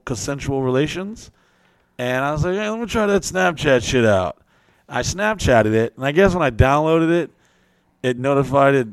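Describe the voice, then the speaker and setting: A man hosting a podcast, swearing freely as he tells animated stories at an ordinary pitch. The sound is close and dry, with no room around it. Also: no room sound. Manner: profane, animated storyteller. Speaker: podcast host. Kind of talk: casual storytelling chat.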